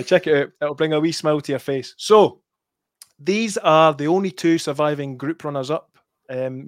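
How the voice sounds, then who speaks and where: A Scottish man hosts a casual football podcast, his voice a touch high and recorded dry and close. He chats easily and quizzes his co-host with stats. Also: no room sound.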